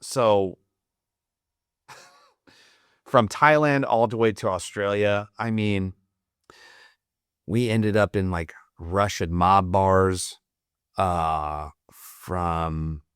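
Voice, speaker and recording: A man's voice: deep voice, very slow, long pauses, smooth, no room sound, studio quality. A young man telling rambling, profane anecdotes in casual podcast talk, laughing often. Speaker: podcast guest, Marine veteran. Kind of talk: casual storytelling.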